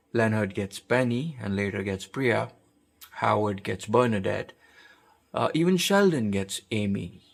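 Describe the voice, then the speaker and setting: A man's voice: medium pitch, gravelly. A man from India hosting a commentary show, talking in an emphatic, conversational way and asking rhetorical questions. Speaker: host.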